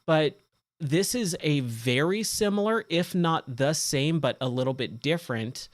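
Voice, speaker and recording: A man's voice: medium pitch, no echo. A man in his forties chatting casually while streaming a racing game, rambling with many fillers, his voice a little worn. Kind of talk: casual live-stream commentary.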